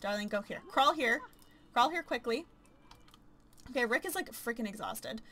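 A woman giving casual, chatty commentary while playing a life-simulation game, gushing and excitable. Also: on the high side, normal speed. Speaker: let's play commentator.

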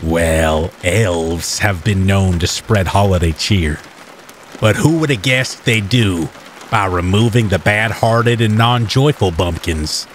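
A man voicing a sinister older captor who guards a killer elf, speaking low, slow and calmly menacing. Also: a little hiss or hum. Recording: faint rain bed behind the voice.

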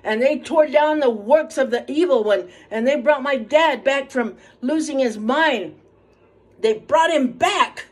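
Alone in her small apartment, a woman in her seventies preaches fervently in a monologue recorded as a Facebook video for social media. At a measured pace, she breaks into hallelujahs and shifts between hushed prayer and high calls.

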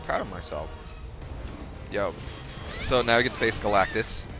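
A young man hosting his gaming video, giving profane, excitable commentary with sudden yelps while he plays. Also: fairly low pitch, normal speed. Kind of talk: profane live gameplay commentary. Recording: game music behind voice.

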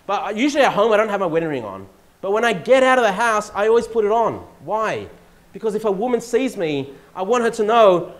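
A man's voice: high voice, very animated, a little fast. A middle-aged Australian man preaching a sermon in a church, conversational with rising emphatic peaks. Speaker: pastor.

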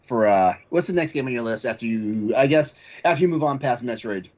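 A man hosting a gaming podcast, animated and laughing often as he talks. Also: medium pitch, brisk. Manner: animated, laughs a lot, filler-heavy. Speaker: podcast host. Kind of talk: casual chat. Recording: dull lo-fi audio.

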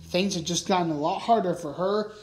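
A woman's voice: on the low side, fairly quick, darkish tone, a little hiss or hum, poor audio. A woman reading a fan-written story aloud, often stumbling and correcting herself. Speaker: reader.

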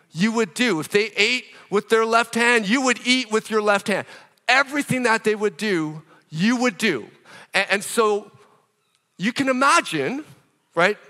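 A man preaching a sermon as pastor, in an animated, conversational way, with rhetorical questions. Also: high-pitched, long reverb tail.

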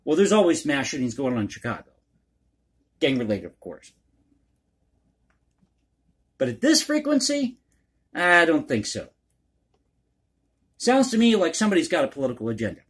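A man's voice: mid-range voice, very animated, brisk, pauses often, breathy edge. A man hosting a one-take commentary vlog, talking in a rambling, folksy, conspiratorial way and calling his viewers folks. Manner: conspiratorial, opinionated. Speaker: political commentary YouTuber.

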